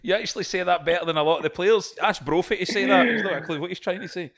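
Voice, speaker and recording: A man's voice: sits high, rapid-fire, creaky, a bit bright. Joking man interviewing. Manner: joking, teasing, plugs sponsors. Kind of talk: casual interview chat.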